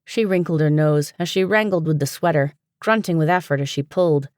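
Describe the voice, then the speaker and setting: A woman narrating a fantasy audiobook in a steady, even storytelling manner, recorded on a close studio mic. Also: deep voice, a little fast, dry recording. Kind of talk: scripted narration.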